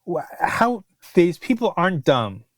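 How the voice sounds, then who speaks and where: A man, a food writer chatting as a podcast guest, telling stories with animated disbelief. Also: sits high, a little slow, no echo. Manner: animated, incredulous storyteller. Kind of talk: casual podcast chat.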